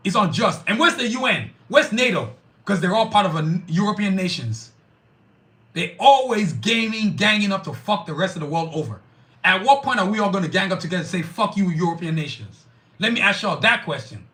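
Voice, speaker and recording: A fired-up man rants on his podcast, swearing hard and hammering his points. His voice sits high and bright and swings widely up and down as he pushes on. He breaks off now and then to answer his live chat. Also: lively intonation, a little fast. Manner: profane, fired-up, emphatic. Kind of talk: heated political rant.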